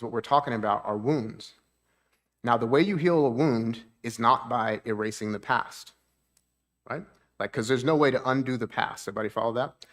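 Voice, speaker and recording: A man's voice: medium pitch, a bit bright. A man, a therapist, giving a talk at a church seminar. He explains things plainly, keeps checking in with the audience, and lifts his voice to act out moods.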